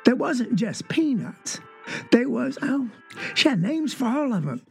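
Performed as a rural Southern child telling an old family story, drawing out phrases with folksy asides. The Southern accent is thick, and the voice has a gravelly, creaky edge. Faint music sits underneath. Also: medium pitch, sing-song, unhurried. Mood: earnest, wondering. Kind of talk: dramatic monologue.

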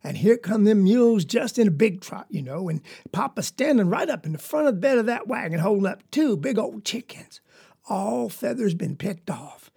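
A woman's voice: medium pitch, lively intonation, moderate pace, gravelly, dark tone, husky. Woman playing a folksy Southern farm girl. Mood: earnest. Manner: rambling, folksy, confiding. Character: young farm girl telling a story, earnest. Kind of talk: dramatic monologue.

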